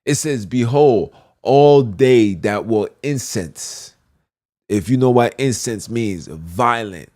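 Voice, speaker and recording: A man's voice: medium pitch, expressive, slow, warm tone. A man preaching a fervent, repetitive monologue as a podcast host, slipping into archaic scripture phrasing.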